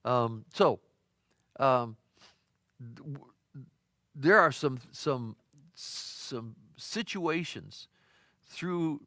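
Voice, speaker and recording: A middle-aged pastor preaching a midweek sermon in a folksy, conversational storytelling way, with frequent fillers and restarts. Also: male voice, medium pitch, sharp tone, no room sound, clean studio sound. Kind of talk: sermon teaching.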